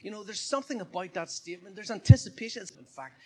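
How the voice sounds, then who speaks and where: A man's voice: high voice, expressive, fast, dark tone. A man preaching a sermon in church in a conversational way, often putting questions to the congregation. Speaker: pastor.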